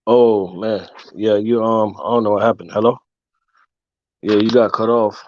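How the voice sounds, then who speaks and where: Low-voiced guy hosting a chill livestream, lots of um's and shout-outs, lo-fi dry audio. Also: a little hiss or hum. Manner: relaxed, drawn-out shout-outs with fillers. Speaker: livestream host. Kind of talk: casual livestream chat. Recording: dull, lo-fi dry sound.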